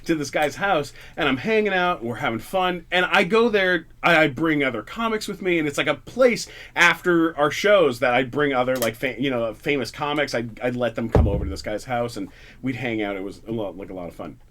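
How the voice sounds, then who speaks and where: A man's voice: mid-range voice, brisk, a bit bright. A man from Canada, a comedian guest, telling a rambling, profane story with lots of fillers and restarts in a radio studio. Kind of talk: casual storytelling on a talk radio show.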